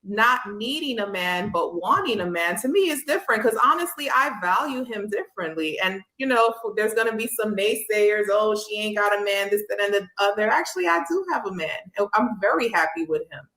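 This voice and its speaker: A woman's voice: mid-range voice, animated, brisk, few pauses, bright, forceful tone. A woman guest talking candidly in casual chat, laughing easily. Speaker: podcast guest. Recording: roomy echo.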